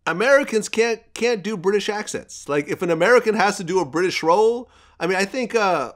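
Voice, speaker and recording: A man hosting a casual interview, asking questions in an upbeat, animated way. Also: high-pitched, a little fast. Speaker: interviewer, host.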